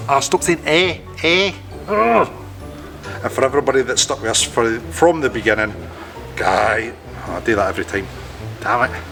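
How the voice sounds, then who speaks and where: A man's voice: mid-range voice, fairly bright tone. A man filming a casual boat-building vlog on board, tripping over his words and scolding himself as he goes. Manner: stumbling, self-mocking, swears at his own slips. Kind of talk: casual to-camera vlog outtakes. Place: aboard a boat under construction, indoors.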